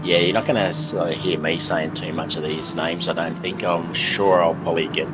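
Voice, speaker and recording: Deep-voiced male race co-commentator. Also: moderate pace, highs cut off, over loud music. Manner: relaxed, chatty analysis with fillers. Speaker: sim racing co-commentator. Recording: loud race car noise behind. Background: race car engine noise.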